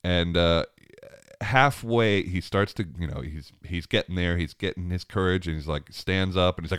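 A man in his thirties with a very low voice tells a story about his family in a loose, rambling way. He keeps breaking into chuckles and circles back over his own words. The sound is dry and close, with no room echo. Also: normal speed, clear, resonant tone. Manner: chuckles often, rambling with many restarts and fillers. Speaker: father telling a family story. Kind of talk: casual storytelling monologue.

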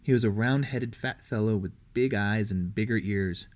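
A man narrating a historical novel as an audiobook reader, steady and measured. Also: fairly low pitch.

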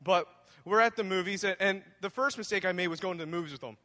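Male pastor, high bright voice, joking storyteller style, reverberant church hall. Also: fast talker. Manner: conversational, humorous, addresses the congregation directly. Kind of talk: sermon with personal storytelling.

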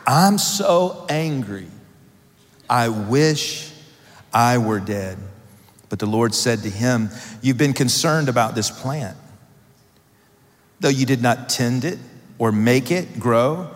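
A man preaching a sermon to a congregation, reading scripture and breaking off into joking asides with building emphasis. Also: medium pitch. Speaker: pastor. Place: church hall. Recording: long hall reverb.

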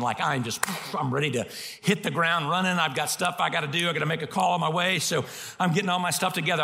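A male pastor preaching, his fairly high voice gravelly with a hint of fry, bright and sharp at the edges. He tells his stories in an animated, self-mocking way. The sound rings out in the long reverb of a big hall. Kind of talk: sermon.

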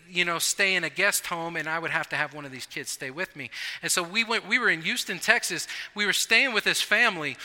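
A man's voice: high-pitched, sharp tone. A male pastor preaching a conversational, humorous sermon in a church. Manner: conversational, humorous, repeats and restarts. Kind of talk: sermon with personal story. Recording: long reverb of a large hall.

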